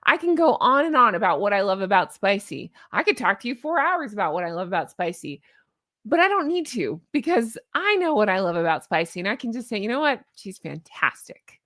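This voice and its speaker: A woman's voice: medium pitch, big pitch swings, a little fast, fairly bright tone, no room sound, clean studio sound. A woman hosting a casual livestream, chatting and joking with viewers. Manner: chatty, jokey, greets viewers. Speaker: host of a commentary channel.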